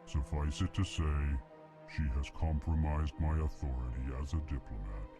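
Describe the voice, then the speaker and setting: A man voicing a huge elephant-like alien diplomat in a video game, speaking in a flat monotone and naming each emotion before he speaks. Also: extremely low pitch, normal speed, music in the background.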